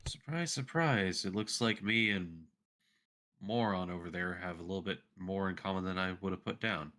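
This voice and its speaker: A man's voice: deep voice, steady tone, normal speed, pushed and bright. A man player in a tabletop game, speaking dryly and sardonically. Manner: dry, sardonic. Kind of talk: playing a character in a tabletop game.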